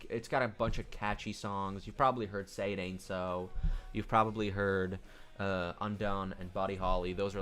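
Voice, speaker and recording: A man's voice: on the low side, fairly bright tone. A young man casually reviewing albums, rambling with restarts and swearing as he talks into a desk microphone. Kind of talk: casual music review vlog.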